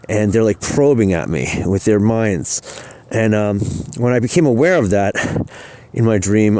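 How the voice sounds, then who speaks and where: A man telling a personal story in casual talk, rambling and halting with many restarts, insistent and agitated at times. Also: fairly low pitch, warm tone, dry recording.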